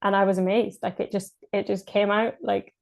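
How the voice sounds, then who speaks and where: A Scottish woman recounts her story as a podcast guest in relaxed, unscripted speech. She hesitates a lot and restarts her sentences, with laughs slipping in. Her pitch stays fairly level and even throughout. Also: normal speed, vocal fry. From Scotland. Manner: hesitant, many fillers and restarts, laughs often. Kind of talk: casual spoken birth story.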